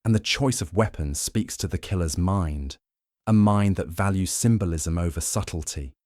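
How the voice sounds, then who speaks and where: A man voicing a shrewd older male detective who asks measured, pointed questions in an audiobook. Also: low-pitched, darkish tone, dry recording, clean studio sound, close to an everyday voice. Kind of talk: audiobook narration.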